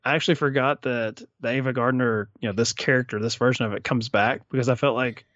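A man's voice: mid-range voice, steady tone, quick pace, fairly bright tone, no room sound, dull audio. A man co-hosting a podcast, chatting casually about films in a rambling way full of fillers. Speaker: podcast co-host. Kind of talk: casual film discussion.

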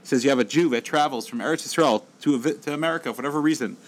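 Man telling a lively Torah story. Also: medium pitch, very fast, low-quality recording. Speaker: Torah teacher. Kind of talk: storytelling lecture.

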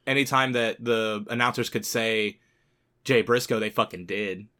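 A man's voice: lowish voice, moderate pace, bright, forceful tone. A man co-hosting a casual podcast, ranting heatedly and swearing often. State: sick. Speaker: podcast co-host.

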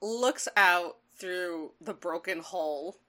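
A woman co-hosting a podcast, playful and quick to laugh, acting out characters' lines as she recaps a cartoon. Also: fairly low pitch. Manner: playful, laughs often, acts out lines loudly. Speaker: podcast co-host. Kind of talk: casual chat recapping a cartoon.

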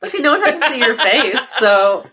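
A woman hosting a casual podcast chat, playful and quick to laugh. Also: high-pitched, very animated, a crowd in the background. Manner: laughs often, playful and upbeat. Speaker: podcast host.

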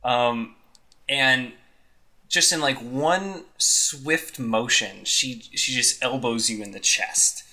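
A man's voice: mid-range voice, slow, bright, forceful tone. A man narrating a tabletop game as game master, rambling and hedging with lots of "sort of".

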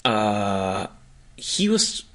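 A man's voice: fairly low pitch, very animated, extremely slow, a bit bright. A man in casual chat, rambling through stories with lots of slang and profanity.

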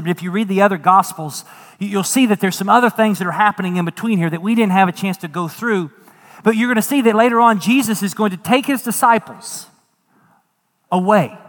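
A man preaching a sermon as a pastor, folksy and animated, acting out quotes and dropping jokes. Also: high-pitched, big-room sound.

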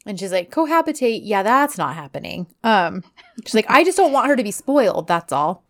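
A woman's voice: sing-song, brisk. A woman chatting casually as a co-host, gushing about scenes and exclaiming often. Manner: gushing, exclaims often, acts out lines in higher voice. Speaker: podcast co-host recapping a drama series. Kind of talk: casual chat.

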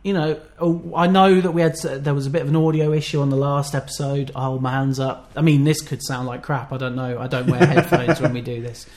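A man co-hosting a podcast in casual, rambling chat, self-deprecating and quick to laugh. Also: mid-range voice, steady tone, a little mellow. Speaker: podcast co-host.

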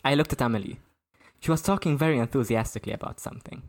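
A man's voice: mid-range voice, very fast. A man narrating a shared first-person story aloud in a plain way, sometimes laughing at his own lines.

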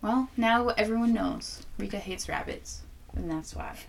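A woman's voice: mid-range voice, unhurried, creaky. A woman hosting a casual podcast chat, swearing freely and acting out her own quotes as she tells a story. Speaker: podcast host.

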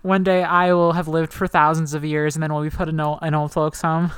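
A woman co-hosting a casual book chat, chatty and animated, laughing often. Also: low voice, a little fast, clear, resonant tone, dry recording, clean studio sound. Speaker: podcast co-host.

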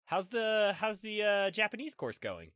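A man's voice: high-pitched, big pitch swings, a bit bright, no echo, clean studio sound. Easygoing man co-hosting a podcast. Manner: easygoing, quick to laugh, casual swearing. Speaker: podcast co-host. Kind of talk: casual chat.

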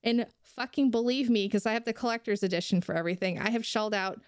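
A woman's voice: mid-range voice, fast, clean tone, no echo, studio quality. Heated woman ranting on a podcast. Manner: heated, ranting, swears freely. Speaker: podcast co-host. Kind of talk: casual podcast chat.

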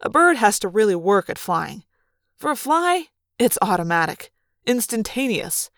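A woman's voice: medium pitch, normal speed, no echo, studio quality. Dramatic woman narrating an audiobook. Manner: lively, dramatic storytelling. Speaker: audiobook reader. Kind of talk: first-person audiobook narration.

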